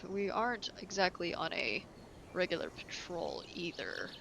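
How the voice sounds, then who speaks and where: A woman voicing a gruff, normally soft-spoken male ship officer in a tabletop game, raising his voice so it carries. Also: on the low side, big pitch swings, measured pace, background noise, full character voice. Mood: hesitant. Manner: shouted orders that carry.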